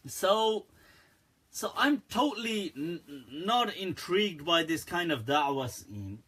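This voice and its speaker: Animated, husky man answering questions. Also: high-pitched, takes it slowly. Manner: candid, animated, laughs often. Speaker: Islamic scholar answering viewer questions. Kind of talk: live Q&A stream.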